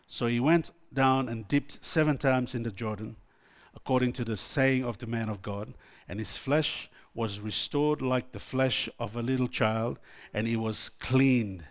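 A man's voice: medium pitch, a little slow. A man preaching a sermon, reading Bible verses aloud and stopping to explain them, with restarts and exclamations along the way.

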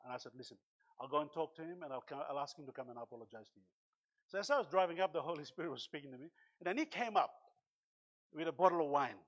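A man preaching a sermon as pastor, impassioned, with sudden loud bursts and cries of hallelujah. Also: a little high, animated, quick pace. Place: church.

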